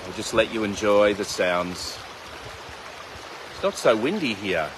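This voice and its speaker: A man's voice: on the low side, lively intonation, measured pace, noisy background. A man teaching mindfulness meditation outdoors beside a river, chatting with viewers by name and joking between his guidance. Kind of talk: casual livestream talk and guided meditation. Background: flowing river.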